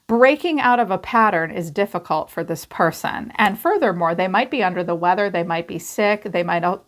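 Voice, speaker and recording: Gravelly-voiced woman giving a tarot reading. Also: medium pitch. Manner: candid and chatty, swears freely. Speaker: tarot reader.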